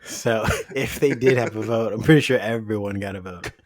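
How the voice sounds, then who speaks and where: A man's voice: lowish voice, normal speed, no room sound. Man, podcast co-host, wry recapper, dry close recording. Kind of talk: casual chat recap.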